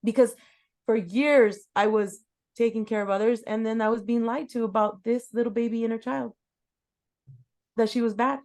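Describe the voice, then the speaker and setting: A woman's voice: a little high, steady tone, moderate pace, darkish tone. A middle-aged woman hosting a casual chat interview, talking emphatically and repeating words for stress. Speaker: host.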